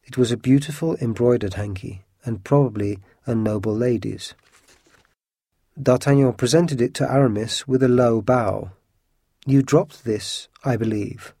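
A man reading an adventure story aloud as an audiobook in a steady, measured voice. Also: mid-range voice, no echo, studio quality. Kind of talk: audiobook narration.

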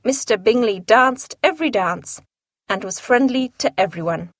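A woman's voice: fairly high pitch, animated, moderate pace, no room sound, studio quality. Woman narrating a classic novel. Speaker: audiobook narrator. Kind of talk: scripted audiobook narration.

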